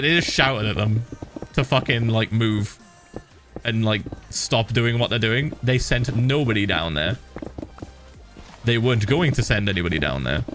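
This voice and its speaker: A man chatting casually on a game stream, an animated storyteller who laughs often. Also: on the low side. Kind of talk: casual stream chat while gaming.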